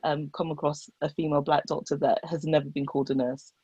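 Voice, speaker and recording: A young woman with a lowish voice, talking earnestly as she tells stories from her work as a doctor. The recording is dull and dry, with no room sound. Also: level tone, quick pace, dark tone, slightly rough, no echo. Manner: earnest, storytelling, reflective. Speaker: doctor, guest speaker. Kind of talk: casual discussion.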